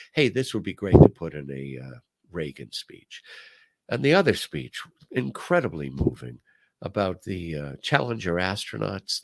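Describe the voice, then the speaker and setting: Older man, gravelly storytelling host. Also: low voice, no echo. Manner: storytelling, quotes speeches in put-on voices. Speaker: talk show host. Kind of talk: conversational commentary.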